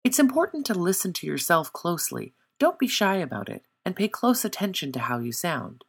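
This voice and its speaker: A narrator reading a scripted pronunciation tutorial in a measured way, slowing down to demonstrate each sound. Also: medium pitch, sing-song, creaky, husky. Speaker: language tutor.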